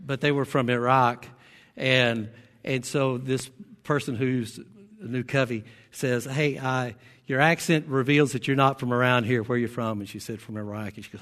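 A male pastor delivers a sermon in a mid-pitched voice. He moves between casual storytelling and emphatic, rising exhortation. His voice rings with the long reverb of a large hall. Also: steady tone, normal speed, a bit bright.

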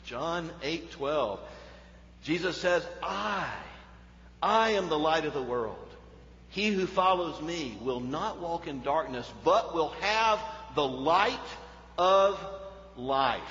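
A male pastor preaching a sermon, swinging between loud emphatic peaks and hushed low passages. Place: church sanctuary. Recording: echoey hall, dull sound.

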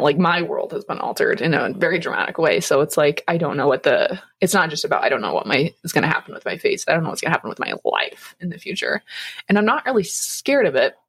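A young woman co-hosts a casual faith podcast, rambling with lots of fillers and laughing often. Her voice is low and slightly rough.

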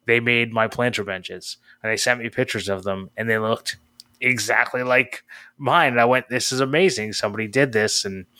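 A man's voice: medium pitch, moderate pace, sharp tone, no room sound, studio quality. A man co-hosting a podcast, chatting eagerly and casually. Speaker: podcast co-host. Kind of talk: casual chat.

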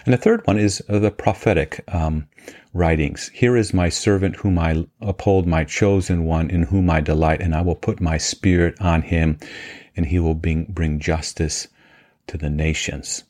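A man teaching as a pastor, walking through Bible passages in a measured, explanatory way with frequent fillers. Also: low voice, steady tone, a little mellow. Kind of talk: scripture teaching vlog.

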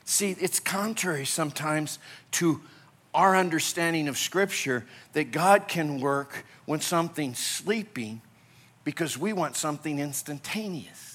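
A male pastor from Illinois, preaching an animated sermon that swings between loud urgency and quiet, hushed moments. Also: a little high, unhurried.

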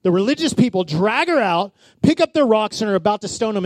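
High-voiced preaching man, dry sound. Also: big pitch swings, fast, few pauses, no echo. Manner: storytelling with acted-out quotes, call-and-response. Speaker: pastor. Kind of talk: sermon.

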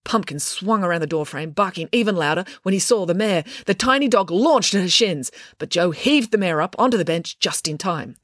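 A woman narrating a children's storybook in an expressive, playful reading. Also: on the low side, brisk, hardly any pauses, no room sound, studio quality. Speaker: author and narrator.

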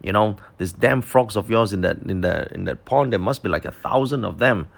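A man's voice: lowish voice, fairly quick, creaky. A man voicing an irritable, easily offended famous artist as he retells a story, complaining with many fillers. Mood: annoyed. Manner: complaining, exasperated.

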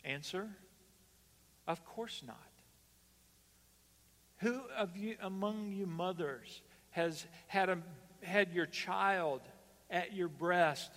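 A pastor preaching a sermon to his congregation, swinging between loud emphatic calls and hushed, slow lines. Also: high-pitched. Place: church hall. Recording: long reverb of a church hall.

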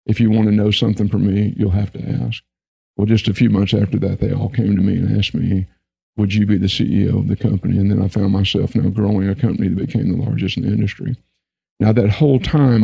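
A man telling a personal business story in an earnest, relaxed conversational way, then giving practical advice over a remote call. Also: on the low side, gravelly, slightly rough, no room sound, highs cut off. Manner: relaxed, earnest, anecdotal with frequent restarts. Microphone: remote video call.

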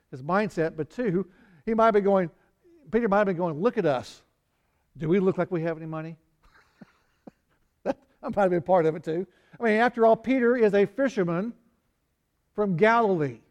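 A man's voice: high-pitched, fast, a little mellow. A man preaching a conversational Bible sermon, acting out quoted lines with small laughs and sighs. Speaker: pastor.

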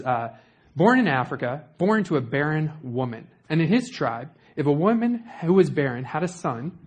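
A man's voice: fairly high pitch, a little mellow, breathy edge. A young man preaching a sermon in a conversational way, with joking asides to the congregation.

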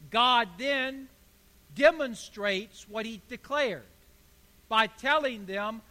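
High-voiced, slow, bright male preacher. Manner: emphatic preaching that swells to forceful declarations. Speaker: pastor. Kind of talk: sermon. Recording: hall reverb.

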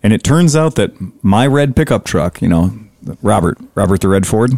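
Profane, animated male storyteller. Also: fairly low pitch, moderate pace, dry recording. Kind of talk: casual storytelling chat.

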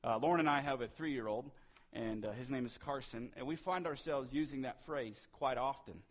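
A man in his thirties preaching a sermon in a church, swinging between loud and hushed delivery. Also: mid-range voice, normal speed. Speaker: pastor.

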